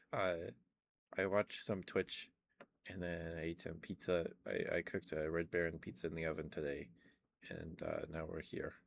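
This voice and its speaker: A man streaming low-energy ASMR chat from home into a close microphone, tired and losing his voice, talking softly in a relaxed, rambling way. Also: measured pace, gravelly, long pauses, slight background noise. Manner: soft, relaxed, rambling talk. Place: at home, indoors. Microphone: ASMR microphone with cover.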